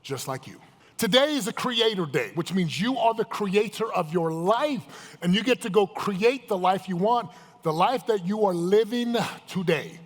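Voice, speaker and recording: A man's voice: high voice, expressive, normal speed. Guy hyping up a seminar crowd, keeps firing questions at them, big echoey hall sound. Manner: emphatic, questions the crowd directly. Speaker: motivational speaker. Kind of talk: live seminar talk to an audience. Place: large event hall with live audience. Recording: echoey hall, live event.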